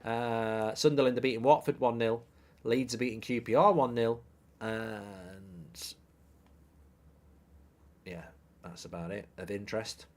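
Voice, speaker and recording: Brash, opinionated football host. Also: male voice, lowish voice, steady tone, unhurried, long pauses. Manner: brash, jokey, opinionated, swears casually. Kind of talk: live-stream football chat, reading viewer comments.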